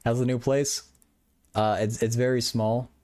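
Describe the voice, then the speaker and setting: A man's voice: mid-range voice, flat delivery, unhurried, a little mellow, no echo. A young man hosting a livestream, chatting casually with viewers, stuttering and repeating words, from a small apartment bedroom. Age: young adult. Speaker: livestream host.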